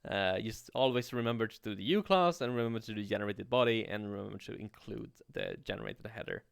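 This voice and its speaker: A man teaching coding on a livestream in a relaxed way, thinking aloud and swearing casually. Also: lowish voice, quick pace, vocal fry, clean tone, no echo, clean studio sound. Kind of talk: casual live coding tutorial.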